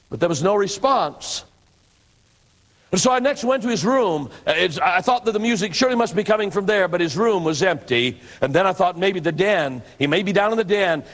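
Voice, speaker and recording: A man preaches, telling a dramatic story and slipping into the voices of its characters. His voice sits a bit high for a man. A long reverb trails each phrase, as in a large hall. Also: fairly bright tone. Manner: dramatic storyteller who acts out quoted voices. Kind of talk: sermon storytelling.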